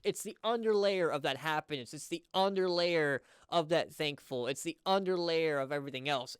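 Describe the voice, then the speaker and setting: Earnest young man, smooth dry voice. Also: fairly high pitch, no echo. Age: 20s. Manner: earnest, confessional, rambling with repeats. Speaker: music reaction channel host, beatboxer. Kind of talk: candid casual reaction commentary.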